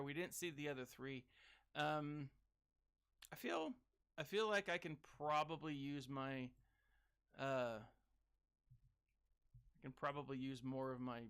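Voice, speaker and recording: A man giving casual gaming commentary as a streamer, chatting with viewers and breaking into sudden excited whoops. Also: a little high, clear, resonant tone. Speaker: game streamer reading live chat.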